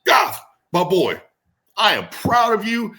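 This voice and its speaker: A man doing a booming, proud wrestling boss. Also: sing-song, slow pace, bright, forceful tone, full character voice.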